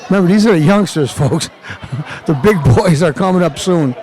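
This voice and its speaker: Animated high-pitched male showman host. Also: moderate pace. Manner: animated, playful hype-man delivery. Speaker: show host. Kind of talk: hammy showman commentary and interviews.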